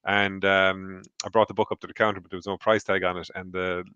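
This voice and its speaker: An Irish man with a fairly low voice tells a meandering personal story in a relaxed, chatty way. The recording is dry and close, with no room sound. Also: a little fast, clear, resonant tone, no echo, lo-fi sound. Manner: rambling anecdotal storyteller. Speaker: podcast co-host on a charity stream. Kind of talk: casual storytelling. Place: home.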